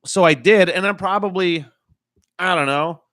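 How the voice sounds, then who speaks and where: A man's voice: high-pitched, moderate pace, a bit bright, dry recording, studio quality. A man hosting a casual podcast chat who tells stories and makes crude, profane jokes. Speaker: podcast host.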